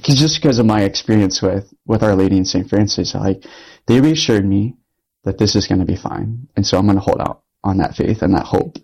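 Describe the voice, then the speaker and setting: A man's voice: on the low side, brisk, darkish tone, husky, poor audio. A young adult man, a Catholic priest, telling a personal story in an interview, earnest and reflective, with loose filler words.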